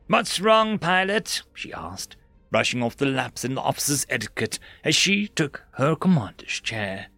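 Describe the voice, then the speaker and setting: A man's voice: mid-range voice, moderate pace, no room sound, soft background music. A man narrating a science fiction story dramatically, rising and dropping his voice for effect. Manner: expressive, rises and drops for drama.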